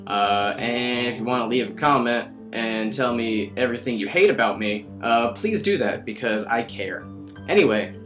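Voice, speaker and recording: Young male host, mid-pitched, rambling sarcastic game recap over faint music. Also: normal speed, a bit bright. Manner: rambling, sarcastic, crude, with fillers. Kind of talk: casual game recap commentary.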